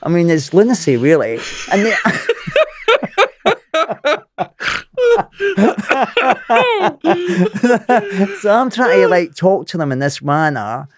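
A middle-aged man with a Glaswegian Scottish accent, a podcast guest telling a story in an animated way, swearing freely and laughing as he talks. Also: a little high, a little fast, few pauses, a little hiss or hum. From Scotland.

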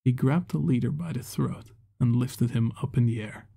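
A man narrates a fantasy short story in a steady, measured way. His voice is gravelly and mellow, with a husky edge. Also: medium pitch. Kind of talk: scripted narration.

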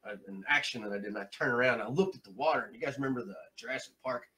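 A male comedian telling a story in a casual chat, animated and swearing freely, acting out the people he quotes. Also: mid-range voice, rapid-fire, poor audio. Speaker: comedian guest.

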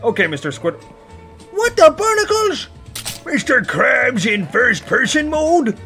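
A man voicing a gruff, greedy old sea-captain crab, using salty pirate growls and frantic yelling while commentating on a game. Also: very high-pitched, sing-song, a little slow, soft background music, exaggerated voice. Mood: panicked. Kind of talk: in-character gaming commentary.

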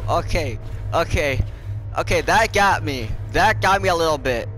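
A man's voice: on the high side, animated, unhurried, over music. A young man giving rambling horror game commentary, swearing and jumpy, with lots of filler words. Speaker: gamer.

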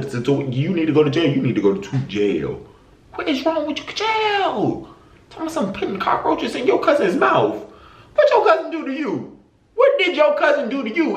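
Theatrical man with wild pitch swings. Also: echoey room, a little hiss or hum. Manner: theatrical, swinging between high squeals and low mutters; profane, blunt and teasing. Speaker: YouTuber reading viewer confessions. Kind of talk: casual reaction vlog.

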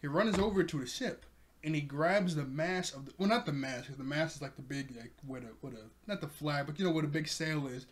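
A man's voice: fairly high pitch, brisk. A man casually recapping an anime episode for his review channel, chatty and rambling, laughing often.

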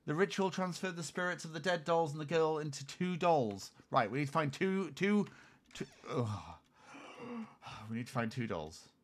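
A young man streaming a horror game with a friend, swearing and yelling when startled. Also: fairly high pitch, expressive, normal speed, a little hiss or hum. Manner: swearing, yelling in sudden frights. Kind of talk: excited co-op game chat.

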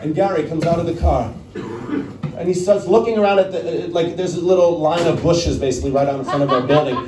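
A Dutch stand-up comedian with a fairly high voice tells a chatty story on stage at a brisk clip, acting out voices and bantering with the crowd. He is far from the mic, and the club sounds roomy, with background noise and an audience laughing.

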